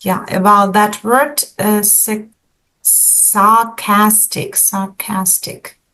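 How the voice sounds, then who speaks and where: Slow-speaking woman English teacher. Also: a little high. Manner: patient, encouraging, asks students questions. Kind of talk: online English lesson. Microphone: video call.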